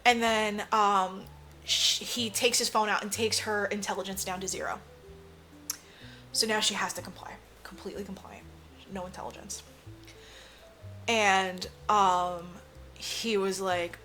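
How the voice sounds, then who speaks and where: Woman podcaster retelling a movie, bright voice, cusses a lot, acts out the lines. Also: mid-range voice, unhurried, pauses often, soft background music. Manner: animated, swears freely, acts out characters' lines. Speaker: podcast co-host. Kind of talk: casual movie recap chat.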